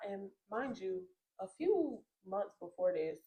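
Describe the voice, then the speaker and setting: Woman host telling a lively story. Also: medium pitch, normal speed, few pauses, low-quality recording. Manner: animated storyteller, acts out quotes. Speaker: podcast host. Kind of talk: casual storytelling chat.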